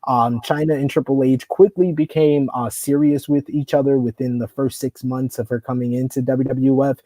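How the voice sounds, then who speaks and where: A man's voice: medium pitch, fairly even intonation, normal speed, warm tone, no echo. A man co-hosting a wrestling review show, recapping a documentary and reading out viewer comments in a casual, conversational way. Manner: recaps the story and reads viewer comments aloud.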